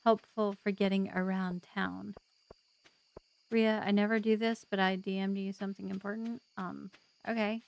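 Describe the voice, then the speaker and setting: A woman's voice: mid-range voice, little pitch movement, normal speed, vocal fry. A woman hosting a let's play, giving casual gameplay commentary with chatty, joking asides to viewers.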